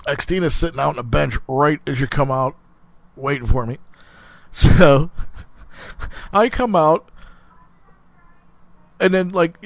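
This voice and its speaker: A man's voice: on the high side, dry recording. A man hosting a podcast, telling a crude story in casual, profane chat, rambling with many fillers and restarts. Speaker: podcast host.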